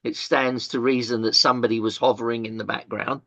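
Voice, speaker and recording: An older man, telling his story as an interview guest, halting with many fillers and restarts and the odd swear word. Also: medium pitch, level tone, a bit bright, no echo. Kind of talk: candid storytelling in conversation.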